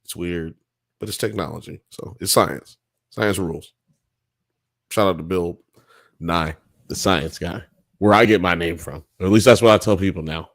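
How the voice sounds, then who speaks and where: A man's voice: sits low, moderate pace, long pauses, fairly bright tone, dry recording. A man hosting a live podcast, chatting casually with jokes and swearing. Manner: loose, joking, profane banter. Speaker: podcast host. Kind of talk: casual live-stream chat.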